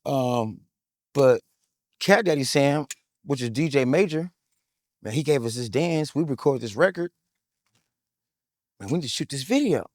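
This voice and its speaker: A man in his thirties telling his story in an interview, excitable and hyped, full of "like, like" fillers, street slang and swearing. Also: medium pitch, a little slow, pauses often, dry recording, clean studio sound.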